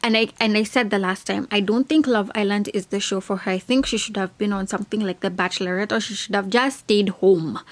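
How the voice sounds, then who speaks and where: A young woman giving a casual, opinionated reality TV recap, full of "like" and slang. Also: mid-range voice. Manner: chatty, opinionated, heavy on "like". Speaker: reality TV reviewer.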